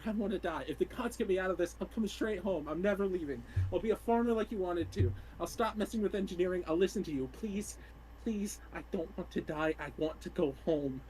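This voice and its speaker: A man's voice: very high voice, darkish tone, slight background noise, pitched above the performer's own voice, low-quality recording. A man voicing a terrified young male dock engineer who is trapped, his delivery panicked and cracking upward. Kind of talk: reading a log entry in character.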